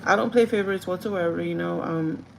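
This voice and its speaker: A young woman vlogger casually telling a story from her job, animated, acting out the quotes and swearing freely. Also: on the low side, brisk, gravelly, noisy background.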